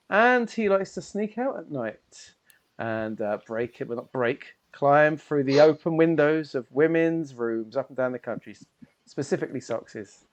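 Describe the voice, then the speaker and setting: A man hosting and running a tabletop game stream, joking and slipping into mock French phrases. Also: mid-range voice. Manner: playful, jokey, slips into a mock French accent. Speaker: game master.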